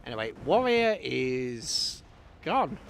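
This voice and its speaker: A man's voice: mid-range voice, very animated, slow pace, vocal fry, a little hiss or hum. A man streaming himself playing a strategy game, chatting and reacting aloud to the battle as it unfolds. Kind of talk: live game commentary.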